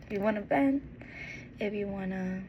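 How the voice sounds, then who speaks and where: A woman giving a heartfelt, encouraging monologue as a vlogger, earnest and tender, with pauses and restarts. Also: medium pitch, lo-fi sound, a little hiss or hum. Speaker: motivational vlogger.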